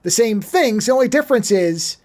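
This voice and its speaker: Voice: mid-range voice, expressive, brisk, darkish tone. A podcast host in casual chat who explains things at length, rambling and losing words mid-thought.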